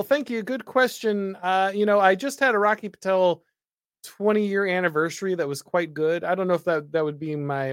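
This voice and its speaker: A man's voice: fairly high pitch, clear, resonant tone, dry recording. A male host casually reading viewer comments aloud with dry humor and frequent filler. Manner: dry, wry, reads chat aloud with filler "uh". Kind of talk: casual livestream chat.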